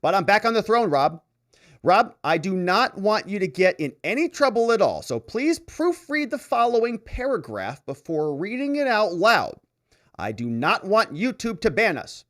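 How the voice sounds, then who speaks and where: A man hosting a livestream, casually reading out viewer comments and chatting about them with quick asides. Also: sits high, sing-song, fairly bright tone. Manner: chatty, reads comments aloud with asides and laughs.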